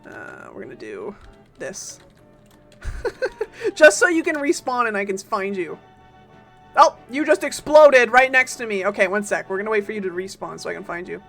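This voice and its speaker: A woman streaming a game, chatting casually and playfully with her viewers, greeting them and teasing them in quick bursts. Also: mid-range voice, big pitch swings, fairly bright tone, soft background music.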